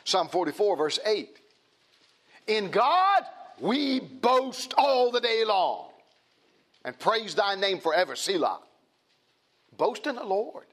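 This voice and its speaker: A man's voice: high voice, sing-song, takes it slowly, long pauses, fairly bright tone. A man preaching a sermon, emphatic and repetitive, often restarting his phrases.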